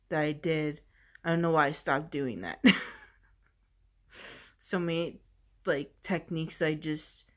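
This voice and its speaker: A woman vlogger recounting a personal experience in a halting, searching way, earnest and emotional, leaning heavily on "like". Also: on the low side. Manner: halting and searching, heavy use of "like". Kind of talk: personal storytelling.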